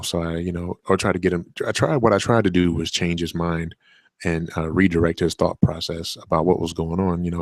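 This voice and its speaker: Very low-voiced father, rambling story. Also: no room sound. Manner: rambling storytelling with many fillers and restarts. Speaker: podcast host; father telling a story about his toddler son. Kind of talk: casual solo monologue.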